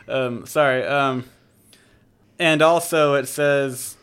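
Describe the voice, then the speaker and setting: A man at a middle pitch hosts a relaxed Bible discussion, talking loosely and joking. He corrects himself often and keeps the tone conversational. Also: takes it slowly, clear, resonant tone. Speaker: podcast host.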